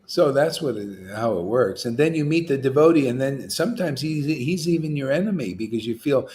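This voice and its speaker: A man preaching an informal devotional sermon, animated and chatty, slipping into slang and chuckling between points. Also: medium pitch, fairly quick, hardly any pauses. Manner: animated, acts out quoted voices; chuckles often, casual slang. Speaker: spiritual teacher.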